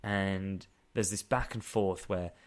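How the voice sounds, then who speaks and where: Picture a man with a slightly low voice, griping sarcastically about a bad film to his co-host. His talk is casual and exasperated, with a dry edge and an occasional swear. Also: steady tone, takes it slowly. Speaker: podcast co-host. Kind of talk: casual comedic film review chat.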